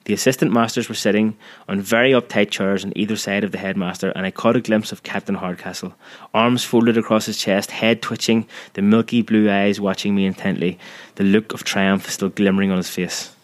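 A man narrating a story in a measured, vivid storytelling manner. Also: on the low side, steady tone. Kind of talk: scripted audiobook narration.

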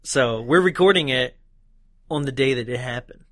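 A man's voice: mid-range voice, moderate pace, fairly bright tone, no echo, studio quality. A man co-hosting a casual podcast, laughing often and chatting loosely. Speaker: podcast co-host.

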